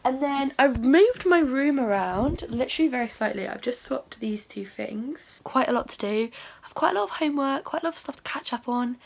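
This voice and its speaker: A woman's voice: sits high, expressive, moderate pace, creaky. A young woman vlogging casually, chatty and self-mocking, talking into a phone camera. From United Kingdom. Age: young adult. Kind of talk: casual vlog chat.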